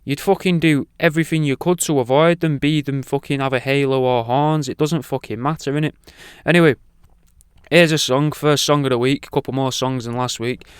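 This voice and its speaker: Rambling, sweary radio host. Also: male voice, mid-range voice, steady tone, moderate pace, clean tone, no room sound, studio quality. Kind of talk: casual rambling monologue.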